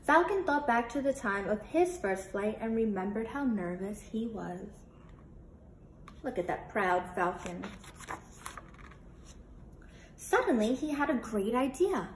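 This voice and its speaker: Animated woman reading a children's book. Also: a little high, measured pace. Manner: animated, asks children questions. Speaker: teacher and children's author. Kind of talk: interactive read-aloud for children. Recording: roomy with faint noise.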